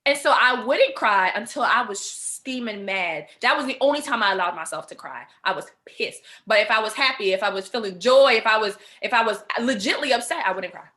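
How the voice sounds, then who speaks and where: A woman hosting a podcast, telling personal stories in a casual, animated way with lots of slang and laughter. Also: on the high side, brisk, few pauses. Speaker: podcast host. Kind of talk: casual chat.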